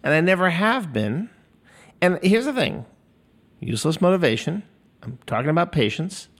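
A man's voice: a little high, big pitch swings, moderate pace, a bit bright. Man, 50s, solo podcast host, loose rambling delivery, cusses, self-deprecating. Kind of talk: casual solo podcast monologue. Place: recording studio. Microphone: studio microphone.

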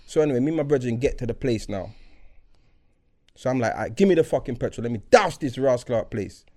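A man's voice: medium pitch, expressive, fast talker, darkish tone. A man, co-hosting a podcast, telling a story in casual chat and acting out both sides of it. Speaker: podcast co-host.

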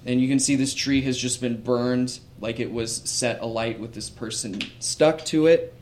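Male game master, mid-range voice, relaxed descriptive narration. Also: medium pitch, normal speed, slight background noise.

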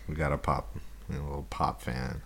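A man's voice: very deep voice, little pitch movement, moderate pace, vocal fry, fairly bright tone. A man hosting a casual podcast, laid-back and teasing, laughing at his co-host. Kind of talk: casual chat.

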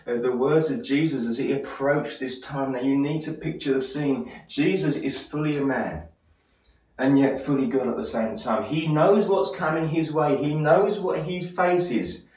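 A man preaching a sermon as pastor of his church, passionate and building to loud emphatic peaks. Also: medium pitch. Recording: echoey church hall, mic at a distance.

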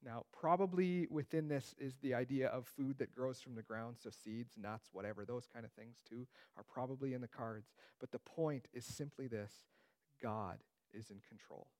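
A man's voice: medium pitch, normal speed, darkish tone. A man teaching through a Bible passage in a conversational way, with joking asides.

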